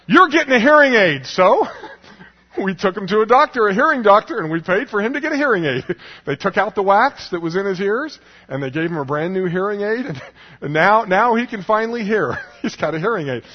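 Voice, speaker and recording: A man with a husky voice tells a personal story to a live audience, chatty and quick to laugh. He acts out the people in the story as he goes. His voice rings through a large hall on a dull, lo-fi recording. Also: high voice, expressive. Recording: long hall reverb, dull lo-fi sound.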